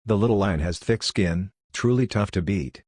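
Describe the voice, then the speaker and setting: A man's voice: on the low side, moderate pace, a little mellow, husky, dry recording, clean studio sound. A man voicing a brash young male immortal swordsman with a boastful, cocky way of talking. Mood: wry.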